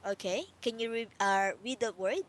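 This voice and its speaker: A woman's voice: on the high side, moderate pace, a little hiss or hum. A woman tutoring English one-on-one over a video call, patiently explaining phrases with many fillers.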